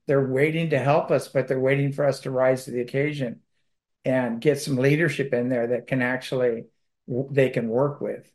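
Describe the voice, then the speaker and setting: A man giving a casual monologue as a commentator, rambling with fillers and restarts and a sardonic, mocking tone. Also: medium pitch.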